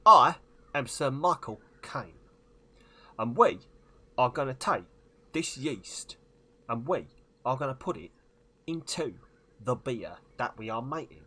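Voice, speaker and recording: A man doing an impression of an older gentleman, slow and deliberate with heavy stress on each word. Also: medium pitch, animated, slightly rough, exaggerated voice. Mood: grand, emphatic.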